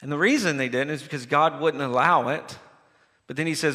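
A male pastor preaching a sermon in a church sanctuary, telling the story with animated energy and acting out the scenes. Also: mid-range voice, normal speed. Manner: animated storytelling, acts out the scenes with sudden restarts. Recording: long reverb of a large hall.

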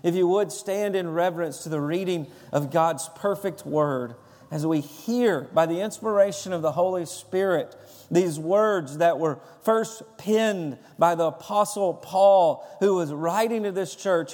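A man's voice: on the high side, a little mellow. A man serving as a pastor, preaching a sermon and praying with an earnest, emphatic cadence in a church sanctuary. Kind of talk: sermon with prayer and storytelling. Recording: long reverb of a large hall.

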